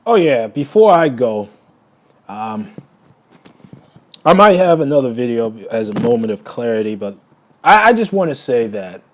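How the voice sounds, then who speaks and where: A man's voice: medium pitch, very animated, a little slow, long pauses, a little hiss or hum. A man giving a heated solo video rant. He repeats words and restarts phrases as he gets emotional. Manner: angry, insulting, repeats words. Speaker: vlogger.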